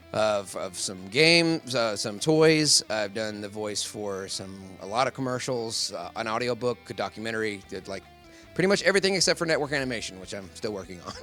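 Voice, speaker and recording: Bright-voiced chatty male voice actor. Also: on the low side. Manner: rambling, chatty, laughs often. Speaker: professional voice actor, interview guest. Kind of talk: casual convention interview. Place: convention.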